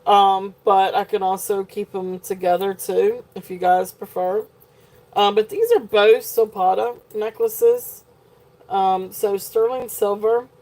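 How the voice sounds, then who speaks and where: A woman's voice: medium pitch, takes it slowly, darkish tone. A woman with a southern Virginia twang, hosting a live jewelry sale in a rambling, chatty way with lots of fillers. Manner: rambling, filler-heavy, giggly asides. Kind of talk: live-stream sales chat. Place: home, shop setting.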